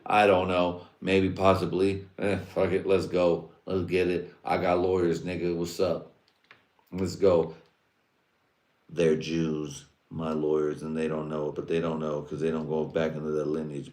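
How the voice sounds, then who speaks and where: A man's voice: very deep voice, steady tone, measured pace, a little mellow. A man hosting a livestream, talking in a loose, rambling, profane and streetwise way. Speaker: livestream host. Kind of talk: casual rambling monologue. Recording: roomy echo.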